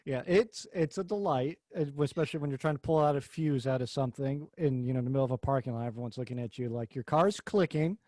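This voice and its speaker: A man's voice: medium pitch, quick pace, few pauses, darkish tone, no echo. A man hosting a podcast, talking cars in a rambling, jokey way and swearing casually. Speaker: podcast host. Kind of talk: casual car chat.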